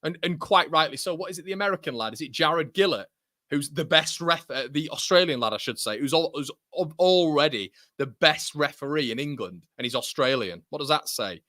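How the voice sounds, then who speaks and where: Exasperated, bright-voiced male football ranter. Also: on the high side, lively intonation, no room sound, studio quality. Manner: heated, exasperated ranting with swearing; rapid reactions to the action. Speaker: football fan channel host. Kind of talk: live match watchalong commentary.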